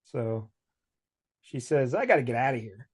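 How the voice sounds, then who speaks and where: A man's voice: medium pitch, very animated, moderate pace, slightly rough. A man co-hosting a podcast, casually recapping a comic book plot, laughing and slipping into mock voices for the characters. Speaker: podcast co-host.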